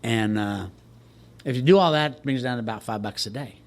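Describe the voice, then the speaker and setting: A man's voice: mid-range voice, a little fast. An older man from Texas, telling his personal recovery story to a group in a wry, self-mocking way. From Texas, USA. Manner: wry, joking storyteller who laughs at himself. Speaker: recovery speaker at a retreat.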